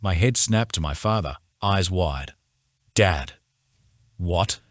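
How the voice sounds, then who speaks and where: Reading scripted first-person narration from a romance novel, a man keeps his storytelling steady and measured. His voice sits very low, captured in a close, dry studio recording free of any room sound.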